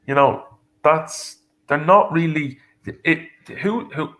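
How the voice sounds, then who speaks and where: A man from Ireland with an Irish accent, arguing in a casual chat, halting with many restarts and fillers. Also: a little high, fairly bright tone, muffled recording.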